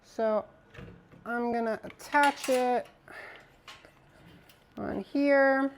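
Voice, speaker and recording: A woman's voice: on the high side, fairly even intonation, extremely slow, slight background noise. A woman streaming live, chatting casually with her viewers as she builds a PC, swearing now and then. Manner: chatty, talks to chat while assembling a PC.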